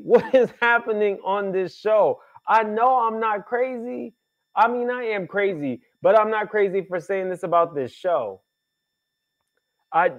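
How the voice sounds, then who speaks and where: A man hosting a show recap, ranting with sassy exasperation in casual commentary. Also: high voice. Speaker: podcast host reviewing a reality show. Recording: tinny phone-like audio.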